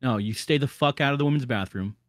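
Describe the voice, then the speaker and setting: A man's voice: medium pitch, fast, dry recording, clean studio sound. A man hosting a casual podcast, talking emphatically, ranting and swearing a lot. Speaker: podcast host.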